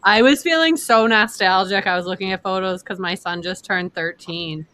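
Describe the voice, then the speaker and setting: A woman's voice: mid-range voice, moderate pace, sharp tone. A woman in a casual meeting over a video call, asking questions and chatting with fillers.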